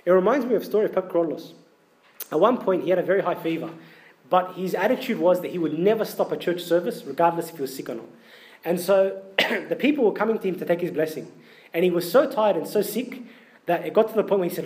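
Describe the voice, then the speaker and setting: Male preacher, high voice, conversational sermon, asks the congregation questions. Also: expressive, fast, a little mellow. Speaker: priest.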